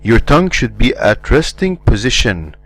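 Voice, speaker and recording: Lively-voiced male language teacher. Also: mid-range voice, vocal fry, dry recording, rough recording. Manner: repeats syllables slowly to demonstrate sounds. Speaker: Arabic teacher. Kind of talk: pronunciation lesson.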